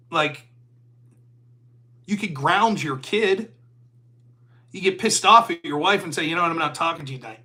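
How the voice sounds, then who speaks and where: Animated, bright-voiced American man. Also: high voice. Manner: animated storytelling, acts out dialogue, swears freely. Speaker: podcast host. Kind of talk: casual monologue.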